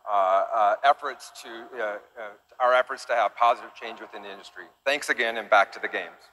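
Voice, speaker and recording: A man's voice: mid-range voice, a bit bright, a little hiss or hum, low-quality recording. A man, a company executive, giving a prepared corporate speech and stumbling over his words.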